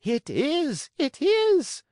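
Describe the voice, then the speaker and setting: A man voicing a chorus of small excited wooden marionettes, shouting shrilly in an audiobook reading. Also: high voice, measured pace, gravelly, dry recording, studio quality, pitched above the performer's own voice, full character voice.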